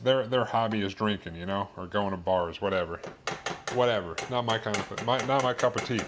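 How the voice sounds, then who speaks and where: A man with a fairly low voice chats while streaming his cooking from his home kitchen, slight background noise behind him. His loose, rambling talk is full of fillers, restarts, and offhand swearing.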